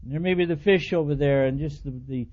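High-voiced preacher telling marriage stories. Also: male voice, quick pace. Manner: animated storytelling, acts out quoted dialogue, chuckles at himself. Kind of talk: sermon with personal stories. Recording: dull lo-fi recording.

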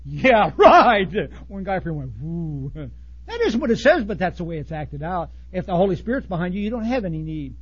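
Blunt folksy preacher, husky and high. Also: male voice, big pitch swings, fast talker, hardly any pauses, highs cut off. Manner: blunt, folksy preaching with wild swings from loud to hushed. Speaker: pastor. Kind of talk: sermon.

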